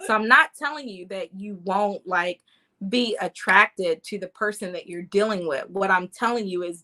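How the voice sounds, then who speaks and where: Bright, animated woman telling her love story. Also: mid-range voice, moderate pace. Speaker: podcast host. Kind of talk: personal storytelling and encouragement.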